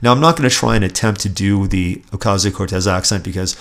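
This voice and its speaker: Man, gravel-edged low voice, sarcastic solo podcast rant. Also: quick pace. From Southern California, USA. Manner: indignant, sarcastic, emphatic with repeated restarts. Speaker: political podcast host. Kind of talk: opinionated solo commentary.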